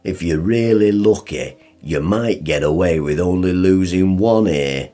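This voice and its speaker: A man's voice: low voice, a little slow, dark tone, soft background music. An actor playing a blunt, sarcastic working-class father with a northern English accent, grumbling and teasing his son in a radio play. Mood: gruff.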